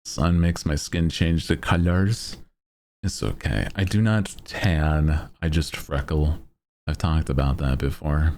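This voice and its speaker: A man's voice: extremely low pitch, steady tone, takes it slowly, darkish tone, slight background noise. A man streaming and chatting casually with his viewers in a playful, self-mocking way, laughing often. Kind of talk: casual chat.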